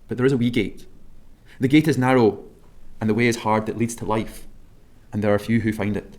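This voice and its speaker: Scottish man preaching a measured sermon. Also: fairly low pitch, steady tone, a little mellow. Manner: measured, emphatic preaching with slowed stresses.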